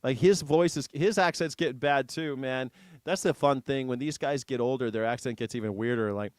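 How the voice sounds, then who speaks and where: A man's voice: medium pitch, normal speed, no room sound. A man hosting a news reaction show, commenting casually in an irreverent, sarcastic way with some swearing. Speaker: host.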